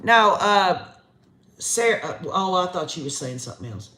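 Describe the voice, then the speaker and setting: A man's voice: high-pitched, big pitch swings, normal speed, sharp tone, a little hiss or hum. A man hosting a true crime live stream, reading viewer comments aloud in a folksy, chatty way. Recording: roomy echo.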